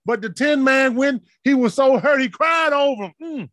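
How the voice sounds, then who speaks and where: A man preaching a sermon in a passionate, rhythmic style, building to shouted peaks and dropping to soft asides. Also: extremely high pitch, lively intonation, normal speed, dry recording.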